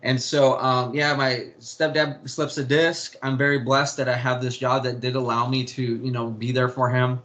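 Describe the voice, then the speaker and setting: A man's voice: medium pitch, little pitch movement, moderate pace, hardly any pauses, a bit bright. A young man talking candidly in an interview about family, rambling with restarts and the odd swear word. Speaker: interview guest. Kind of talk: candid personal storytelling.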